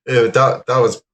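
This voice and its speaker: A man's voice: medium pitch, fairly bright tone. A young Irish man chatting as a podcast guest, rambling with lots of fillers and laughs. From Ireland. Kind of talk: casual chat.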